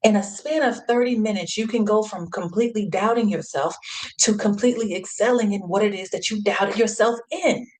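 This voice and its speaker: Female host, casual motivational storyteller, lively, laughs a lot, acts out quotes. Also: mid-range voice, fairly quick, low-quality recording.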